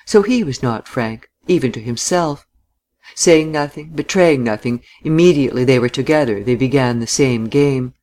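An audiobook narrator reading literary fiction in a measured, even manner. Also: mid-range voice. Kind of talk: scripted narration.

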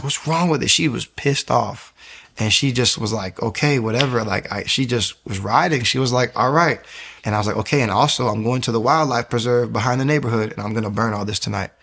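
A man's voice: medium pitch, quick pace, gravelly, breathy edge. A young man giving a conversational faith testimony, telling his story with energy and acting out the people he quotes. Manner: animated storytelling, acts out quoted voices.

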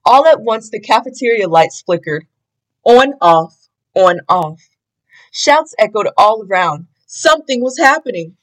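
A woman reading a children's storybook aloud in an expressive, sing-song way. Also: mid-range voice, measured pace, rough recording. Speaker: storybook reader.

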